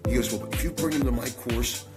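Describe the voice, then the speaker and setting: A man's voice: mid-range voice, brisk, loud music behind the voice. A man who founded a company, telling a long story as a podcast guest and acting out the people he quotes. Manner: animated storyteller, acts out quoted dialogue.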